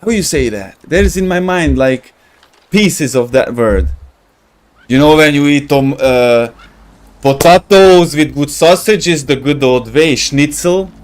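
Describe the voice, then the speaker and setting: A man's voice: fairly high pitch, unhurried. A young man from Romania hosting a gaming livestream, chatting loosely with viewers, rambling, laughing often and groping for words. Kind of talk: casual chat with live viewers while playing.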